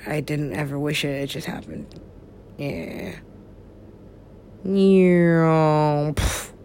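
A woman's voice: sits low, very slow, darkish tone, slight background noise. A woman talking in a meandering, giggly way, swearing freely and trailing off into mumbles. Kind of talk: rambling casual talk.

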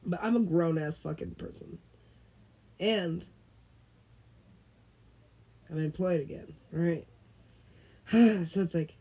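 A woman in rambling casual chat, profane and giggly, swinging from loud bursts to whispers. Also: lowish voice, takes it slowly, long pauses, breathy edge, poor audio.

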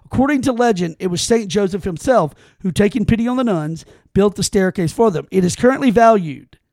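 High gravelly dude reading stuff out on a podcast, stumbling and going wow. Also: male voice, expressive, darkish tone, no echo, studio quality. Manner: reads aloud haltingly with restarts and exclamations. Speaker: podcast co-host. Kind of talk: casual podcast chat.

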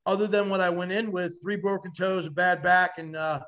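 A man with a high, forceful voice spins lively survival tales as a podcast guest. He swears freely and slips into the voices of the people in his stories. The sound is dull and lo-fi, as if the audio was compressed. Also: brisk. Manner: vivid, acts out quoted voices, swears freely. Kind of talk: animated storytelling.

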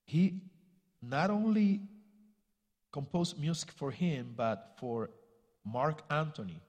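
Slow Spanish-accented man preaching in a hall. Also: a little high, lively intonation, a little mellow. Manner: halting, searching for words, acts out quotes. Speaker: guest speaker, missionary. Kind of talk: sermon storytelling. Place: church.

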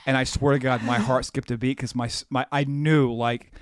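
A man co-hosting a podcast, telling a rambling, animated anecdote full of quoted dialogue. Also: medium pitch, normal speed, noisy background. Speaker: podcast co-host. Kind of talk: casual storytelling.

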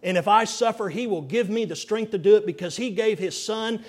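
A middle-aged male pastor preaching a sermon, earnest and dramatic, dropping to hushed near-whispers for emphasis. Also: high voice. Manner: earnest, slow and deliberate phrasing.

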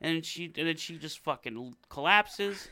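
A man's voice: fairly high pitch, animated, moderate pace, sharp tone, clean tone, dry recording. A man co-hosting a podcast, laid-back and profane as he walks through a movie's plot. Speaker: podcast co-host. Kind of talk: casual movie recap chat.

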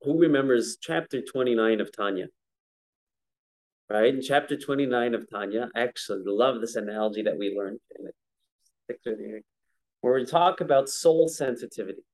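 A man leads a relaxed Torah class at a middle pitch. He talks to his students conversationally and stretches out Hebrew verses when he chants them. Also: moderate pace. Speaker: rabbi teaching a prayer-book class.

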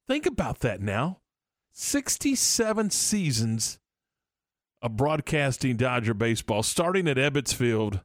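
Rambling sports radio host, dry sound. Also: male voice, medium pitch, dry recording. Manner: rambling, many restarts and fillers. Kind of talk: casual sports talk.

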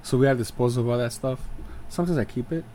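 A man's voice: mid-range voice, fast talker, mellow, slight background noise. A man co-hosting a podcast, chatting casually and rambling with jokes and fillers. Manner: rambling, joking, many fillers. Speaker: podcast co-host. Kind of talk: casual chat.

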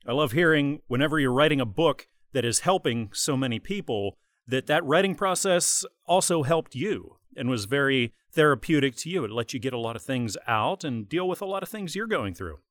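A man's voice: mid-range voice, lively intonation, moderate pace, hardly any pauses, a bit bright, dry recording, clean studio sound. A man hosting a book interview, with a polite, formal, announcer-like delivery. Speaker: interview host.

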